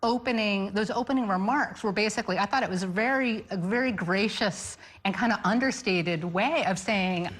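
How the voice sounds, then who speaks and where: Measured woman political panelist. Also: mid-range voice. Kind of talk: studio panel discussion.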